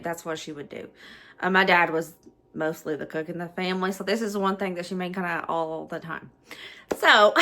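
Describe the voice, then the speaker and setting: A woman's voice: mid-range voice, fairly bright tone. A middle-aged woman with a Southern US accent, chatting nostalgically through a casual home cooking vlog and laughing often. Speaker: cooking vlogger.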